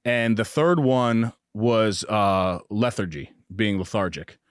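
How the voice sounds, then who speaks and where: A man's voice: fairly low pitch, slow, smooth, no echo, studio quality. A young man hosting a podcast in a booth, chatting casually with upbeat energy and plenty of fillers and restarts. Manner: upbeat, hyped shout-outs, frequent fillers and restarts. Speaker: podcast host.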